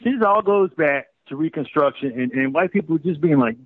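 A man's voice: fairly high pitch, a little fast, hardly any pauses, narrow, tinny audio. A man hosting a radio talk show, ranting in a profane, emphatic way. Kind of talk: heated talk radio rant.

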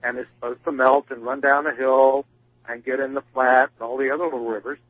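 A man's voice: mid-range voice, level tone, a little fast, husky, dry recording, narrow, tinny audio. A man who is a guest on a radio talk show, speaking about climate in a folksy, wry, explanatory way. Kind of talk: casual radio interview.

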